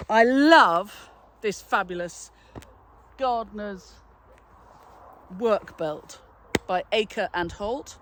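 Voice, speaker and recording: A cheerful woman chats through her favourite new garden gear in a casual, upbeat way. She talks warmly and easily as a flower farmer and florist, breaking into laughter often. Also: a little high, a little hiss or hum. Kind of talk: casual product review.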